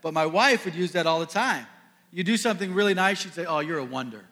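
A pastor from the Midwest preaching a sermon to a congregation, earnest, building to emphatic peaks and dropping soft. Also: male voice, high voice, fast. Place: church sanctuary. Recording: long reverb of a large hall.

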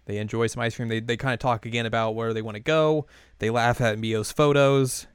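Man, casual co-host, smooth clear voice, dry close sound, rambling recap style. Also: mid-range voice, steady tone, no room sound. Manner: loose and rambling, many fillers and quick quoted voices, laughs often. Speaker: podcast co-host recapping an anime episode. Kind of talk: casual chat.

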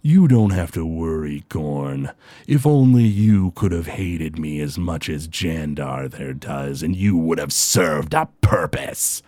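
A man voicing a cruel, taunting orc chieftain in a low, slow, menacing voice for a tabletop game. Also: lively intonation, dark tone, dry recording, heavily acted. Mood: gloating.

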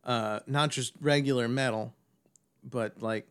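A man co-hosting a casual podcast chat, animated and laughing often, slipping into voice impressions. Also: mid-range voice, unhurried, smooth. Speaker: podcast co-host.

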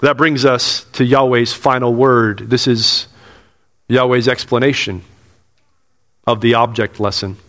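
A man's voice: mid-range voice, fairly even intonation, unhurried, long pauses, fairly bright tone. A pastor preaching a sermon in earnest, repeating his phrases and asking the congregation questions. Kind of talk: expository sermon. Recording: long hall reverb.

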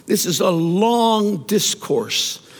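A high-voiced man preaches with a lively, swooping delivery. He tells stories and often stumbles over repeated words. His voice rings out with a long reverb, as if in a large church sanctuary. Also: drawn-out words. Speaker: pastor. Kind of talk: sermon.

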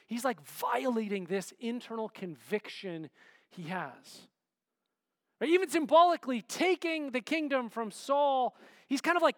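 A man preaching a sermon in a relaxed, conversational way, often checking in with "right?" and filler "like". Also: very high voice, no room sound, long reverb tail.

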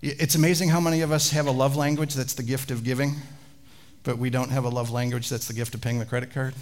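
A man, a pastor, preaching a sermon with animated storytelling and chatty asides to the congregation. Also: medium pitch, fast talker.

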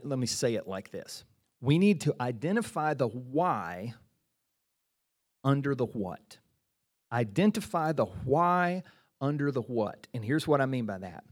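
A middle-aged pastor with a medium-pitched voice preaches a sermon in a conversational, animated manner. He often repeats phrases and restarts his sentences.

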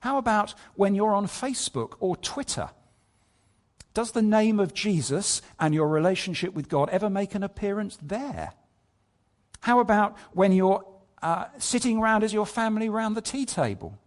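A man's voice: high voice, animated, normal speed. A man preaching a sermon, telling a scripture story, reading verses aloud and asking his listeners rhetorical questions. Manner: asks many rhetorical questions.

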